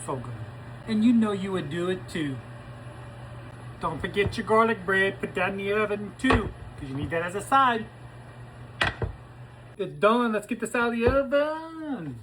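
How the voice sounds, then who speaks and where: A man's voice: high-pitched, animated, normal speed, pauses often, background noise. A man hosting a casual cooking demonstration in his kitchen, chatty and folksy, talking to viewers as he tastes the food. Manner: chatty and folksy, talks to viewers while tasting. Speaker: cooking show host.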